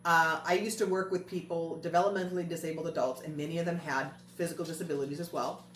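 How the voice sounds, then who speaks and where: A woman's voice: deep voice, fairly even intonation, fast talker, fairly bright tone. Earnest woman host in a roomy echo. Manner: earnest, repeats phrases for emphasis. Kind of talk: casual storytelling chat. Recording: roomy echo with faint music.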